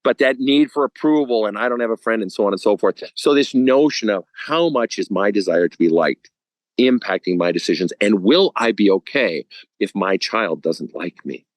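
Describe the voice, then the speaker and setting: A man's voice: fairly low pitch, normal speed, dry recording, poor audio. A man speaking as a guest counselor on a podcast, talking bluntly with casual swearing and acting out stories. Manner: blunt and profane, animated storytelling.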